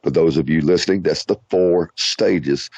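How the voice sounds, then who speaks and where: A male radio show host telling stories in a casual interview, animated, with halting restarts and acted-out quotes. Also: deep voice, husky, no echo. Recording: dull lo-fi radio audio.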